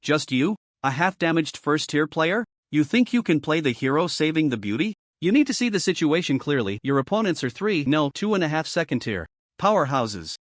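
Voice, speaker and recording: A man's voice: a little high, very animated, normal speed, dry recording, clean studio sound. A man voicing a sly, scornful male skeleton in a story recap. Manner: mocking.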